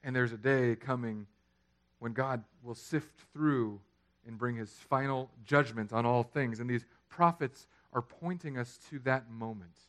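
A man, preaching a sermon that swings from loud, emphatic lines to quiet, low ones. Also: a little slow. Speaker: pastor.

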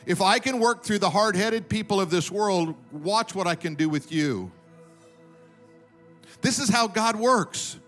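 A man's voice: high voice, pushed and bright. A man preaching a sermon to his congregation, emphatic and calling for amens. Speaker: pastor. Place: church sanctuary with congregation.

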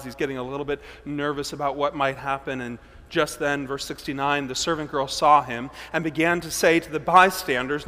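Dramatic preacher man in a reverberant hall. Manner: dramatic, swings between loud emphasis and hushed low tones. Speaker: pastor. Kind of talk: sermon.

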